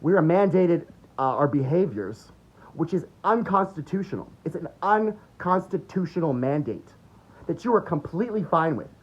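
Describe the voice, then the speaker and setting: A man's voice: a little high, animated, normal speed, slightly rough. Guy ranting about politics, swears a lot, voice jumps all over, kinda muffled lo-fi audio. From United States. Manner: heated, swearing, mocking. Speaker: political commentator. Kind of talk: unscripted political rant. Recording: dull lo-fi recording.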